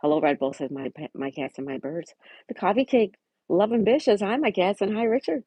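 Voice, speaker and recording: Mellow, husky woman livestreamer. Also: mid-range voice, expressive, fairly quick, no echo. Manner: chatty, reads out chat messages and weather, greets viewers by name. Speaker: livestream host. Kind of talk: casual live-chat reading.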